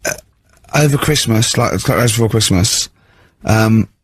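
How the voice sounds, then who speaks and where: A man's voice: lowish voice, moderate pace, husky, no room sound. A man co-hosting a radio talk show, telling a rambling everyday anecdote and acting out the other people in it. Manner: rambling storyteller, acts out other people's lines. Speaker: radio co-host. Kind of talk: casual radio chat, anecdotes.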